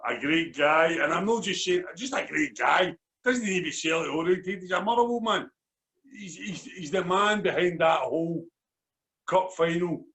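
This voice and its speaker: Scottish bloke, keeps saying listen, repeats everything, highish voice. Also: male voice, expressive, moderate pace, a bit bright. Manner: emphatic, repeats himself, says listen. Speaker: podcast co-host. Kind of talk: casual chat.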